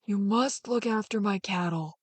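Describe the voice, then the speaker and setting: A woman voicing a frail old male cattle drover who speaks slowly, quietly and with resignation. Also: mid-range voice, no echo, natural voice. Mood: weary.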